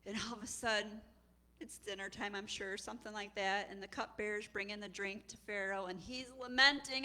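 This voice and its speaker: A woman preaching a sermon with a bright, forceful tone and a mid-range pitch. She tells the story conversationally and acts out the characters along the way. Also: brisk. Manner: animated, conversational storytelling with acted voices. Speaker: executive director and preacher.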